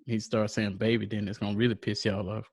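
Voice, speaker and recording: A low-pitched man hosts a casual podcast, chatty and quick to laugh as he throws questions to the others. His voice is recorded close and dry, with no room sound around it. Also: slightly rough, no echo. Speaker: podcast host.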